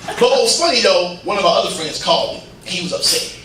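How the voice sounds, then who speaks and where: A man performing a stand-up comedy set, telling stories in an animated way and slipping into quoted voices of his friends. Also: high voice, fast. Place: legion hall stage, live audience. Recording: echoey hall, captured from a distance, noisy. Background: audience laughter.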